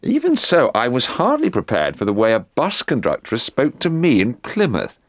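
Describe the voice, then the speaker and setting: Male panelist, amused anecdote teller, very animated pitch, hesitant fillers. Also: moderate pace, no room sound, studio quality. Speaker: panel member.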